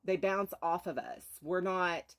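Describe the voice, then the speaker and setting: A woman with a slightly low voice telling an inspirational story on a live stream. She speaks earnestly and keeps checking in with a rhetorical "right?". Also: unhurried, slight background noise.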